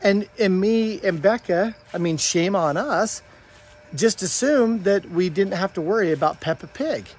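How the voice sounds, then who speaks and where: A man's voice: high-pitched, unhurried, slightly rough. A middle-aged man talking casually and earnestly to camera outdoors on his farm, rambling with many restarts. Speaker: homesteader vlogger. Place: outdoors on a farm, goat pen and orchard.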